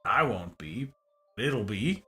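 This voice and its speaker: A man streaming a game, chatting casually and gratefully to his viewers, his voice worn and hoarse from talking, rambling and playing with words. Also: on the low side, big pitch swings, slow, pushed and bright. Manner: rambling, playful wordplay, grateful. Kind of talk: casual end-of-stream chat.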